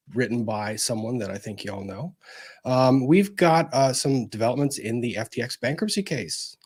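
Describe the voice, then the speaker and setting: Lively, husky-voiced man hosting a stream. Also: lowish voice. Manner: chatty and upbeat, greets viewers by location. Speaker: livestream host. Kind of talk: casual livestream chat, reading viewer comments.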